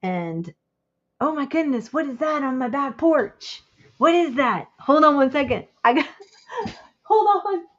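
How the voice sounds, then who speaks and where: Chatty high-voiced woman, excitable. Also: measured pace, muffled recording. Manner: chatty, excitable, exclaims often. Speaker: crafting livestreamer. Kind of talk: casual livestream chat. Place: home.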